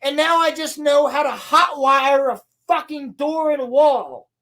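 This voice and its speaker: Woman, high voice, podcast co-host, sarcastic, profane, exasperated, animated recap. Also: unhurried. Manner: animated storytelling with acted-out quotes. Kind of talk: casual show recap.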